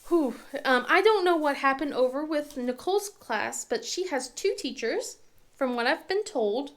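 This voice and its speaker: A woman in her thirties chatting casually as a crafting channel host, rambling and halting with lots of fillers and restarts. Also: high voice, lively intonation. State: tearful at times. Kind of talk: casual chat.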